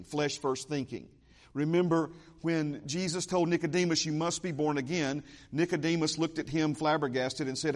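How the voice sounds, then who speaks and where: Man, pastor, sermon, emphatic, repeats key lines, slightly high voice. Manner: emphatic, repeats key phrases, asides to the congregation.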